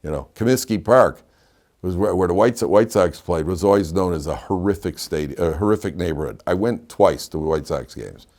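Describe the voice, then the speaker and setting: A man's voice: sits low, lively intonation, normal speed, darkish tone. An older man from Chicago, teaching a casual Torah class, rambling through anecdotes with lots of restarts. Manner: chatty, digressive storyteller with frequent restarts.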